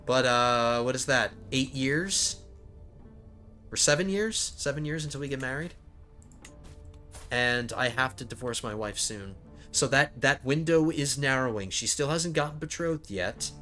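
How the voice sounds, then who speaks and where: A man's voice: mid-range voice, measured pace, sharp tone, soft background music. A man hosting a strategy game let's play, thinking aloud and often stumbling over his words. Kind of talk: casual gameplay commentary.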